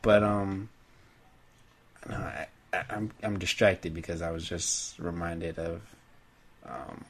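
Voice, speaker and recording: Male co-host, lower voice, halting, easygoing. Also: level tone. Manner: hesitant, many fillers and restarts, soft laughs. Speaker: podcast co-host. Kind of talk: casual chat about comics.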